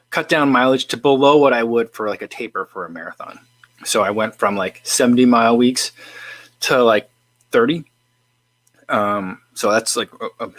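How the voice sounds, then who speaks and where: A man's voice: mid-range voice, a bit bright, dry recording. A man hosting a casual livestream, rambling with lots of fillers and restarts while he eats and answers viewer questions. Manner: eating while talking. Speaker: livestream host.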